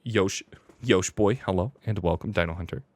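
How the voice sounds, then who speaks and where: A man's voice: low voice, moderate pace, a little mellow, no room sound. A man hosting a live reaction stream, talking in a hyper, playful, rambling way, laughing often and reading out chat names. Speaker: streamer host.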